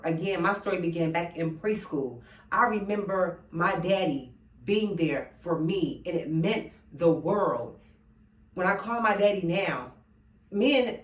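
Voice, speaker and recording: A woman's voice: fairly low pitch, fairly bright tone. A woman in her thirties giving an earnest personal monologue. She speaks straight to her listeners and keeps coming back to the same phrases. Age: 30s. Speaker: speaker addressing men. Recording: roomy sound from a distant mic.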